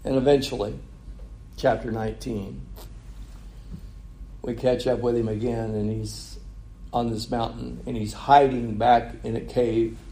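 A man's voice: medium pitch, a little mellow. A man preaching a conversational sermon, asking the congregation rhetorical questions.

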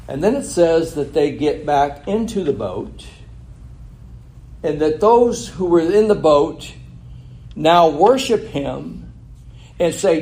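A man's voice: fairly high pitch, a little mellow. A man preaching a sermon who reads a scripture passage, then retells it in his own words and asks rhetorical questions. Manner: laughs at his own slip and corrects himself.

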